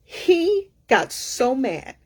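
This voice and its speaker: A middle-aged woman coach telling a story in a casual, animated, sassy way. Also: sits high, extremely slow. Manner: animated, sassy, acts out other people's lines. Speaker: career coach.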